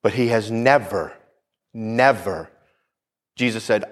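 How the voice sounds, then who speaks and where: A man preaching a sermon with emphasis, repeating phrases, dropping low and quiet for weight, and calling out for the congregation's amens. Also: measured pace. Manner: emphatic, repeats phrases, calls for "Amen?" responses.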